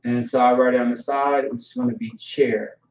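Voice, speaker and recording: A man giving an informal vocabulary lesson, repeating each word slowly and checking in with "all right" and "okay". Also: mid-range voice, little pitch movement, a little mellow, a little hiss or hum. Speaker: language teacher. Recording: echoey room, dull lo-fi sound.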